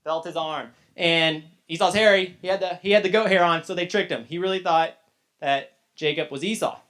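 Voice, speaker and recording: A man's voice: high voice, moderate pace, a bit bright. A man teaching a casual Bible lesson to young people, retelling the story loosely with chatty asides. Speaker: youth teacher.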